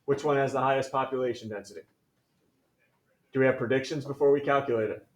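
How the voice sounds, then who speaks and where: A man's voice: medium pitch, fairly even intonation, fast, distant mic. A man teaching a math class. He sounds conversational and upbeat as he calls on students by name. The voice sits a little away from the mic, and the classroom echoes around him. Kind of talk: classroom lesson.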